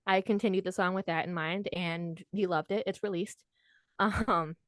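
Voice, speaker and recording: A woman's voice: lowish voice, fairly even intonation, normal speed, no room sound, clean studio sound. A young woman, a podcast guest, telling her story in a chatty, self-deprecating way. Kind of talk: casual storytelling.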